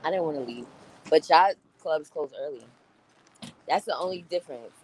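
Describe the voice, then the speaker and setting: Over slight background noise and rough audio, a woman from New York with a low-sitting voice chats on her live stream at a moderate pace. She reads viewer comments bluntly, swears freely, and laughs often.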